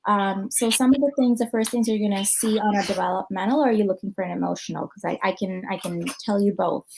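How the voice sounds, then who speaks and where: A woman's voice: medium pitch, steady tone, quick pace, gravelly, a little mellow, a little hiss or hum, low-quality recording. A woman with an American accent, a clinical psychologist answering audience questions in a conversational conference talk, thinking aloud with plenty of ums and you-knows.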